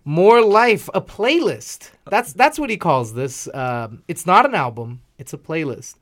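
A man hosting a casual music review chat, excitable and quick to laugh. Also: fairly high pitch. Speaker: podcast host.

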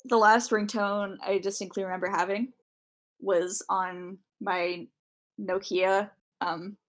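A woman's voice: medium pitch, flat delivery, takes it slowly. A young adult woman co-hosting a podcast, telling rambling stories full of fillers in casual chat. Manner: rambling, filler-heavy storytelling. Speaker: podcast co-host.

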